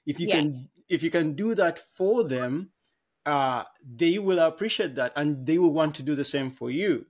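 A man with a voice pitched a little above the usual male range, co-hosting a podcast. He speaks in a relaxed conversational way, thinking aloud and working through ideas with everyday examples. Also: moderate pace, breathy edge. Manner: thoughtful, explains with everyday examples. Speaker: podcast co-host. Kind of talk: casual conversation.

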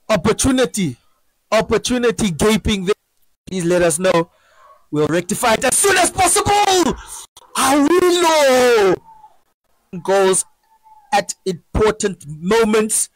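A man giving excited live football commentary, breaking into shouts at chances and goals. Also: very high voice, poor audio.

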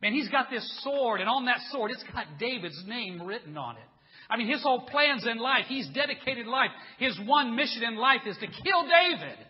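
A man preaching a sermon as pastor in a church, telling stories in an animated way and acting out voices. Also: extremely high pitch, normal speed, long reverb tail, lo-fi sound. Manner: animated storytelling, acts out voices.

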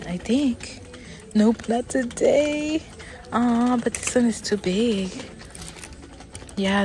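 A middle-aged woman filming a casual shopping vlog inside a large department store, chatting, often dropping to a whisper and gasping with excitement. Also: medium pitch, slight background noise. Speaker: vlogger.

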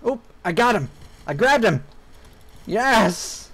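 Young man, gameplay commentary, high-pitched, very expressive, swears freely, rants at the game. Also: takes it slowly, husky, poor audio. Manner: frustrated ranting with heavy swearing. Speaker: gaming YouTuber.

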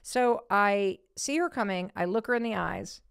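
A middle-aged woman hosting a podcast, telling a story in a casual, animated way and acting out quotes in a high voice. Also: normal speed, gravelly, smooth, no echo, clean studio sound. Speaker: podcast host.

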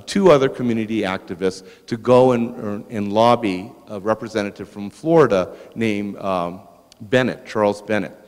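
A man giving a public lecture at a museum, telling a story in a lively anecdotal way and turning to the audience with asides. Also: mid-range voice. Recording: long reverb in a large hall.

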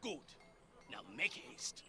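An actor with an African accent playing a stern, scornful pirate quartermaster in a video game, speaking in theatrical, formal old-fashioned lines. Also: male voice, takes it slowly, loud music behind the voice, close to an everyday voice. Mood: curt.

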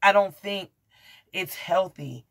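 A woman gives a casual tarot reading straight to camera. She talks bluntly and curses freely. She gets excitable, laughing and exclaiming as she goes. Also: mid-range voice, slow, creaky. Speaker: tarot reader.

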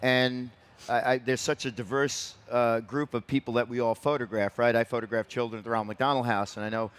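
A man with an ordinary mid-pitched voice hosts a panel on an event stage. He introduces guests warmly and asks questions in a loose, rambling way. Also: steady tone, fairly quick. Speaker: panel moderator. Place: event stage before a crowd.

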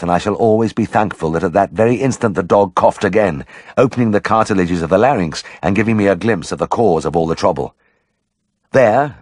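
Low husky male audiobook narrator. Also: dry recording, clean studio sound.

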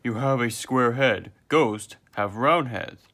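A man voicing a dim, friendly male starfish from a storybook, reading the lines plainly and slowly. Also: medium pitch, a bit bright.

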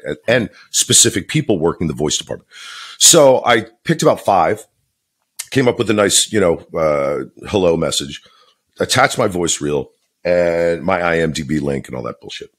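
Husky, animated man, blunt and profane. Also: sits low. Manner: swears freely, blunt and joking. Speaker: podcast co-host and voice actor. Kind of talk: casual podcast chat.

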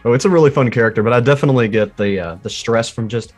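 A male host asks his guest questions at a rapid clip. His voice is somewhat husky and he sounds eager and upbeat, with faint music underneath. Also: medium pitch, a little mellow. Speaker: interviewer, host. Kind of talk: casual interview questions.

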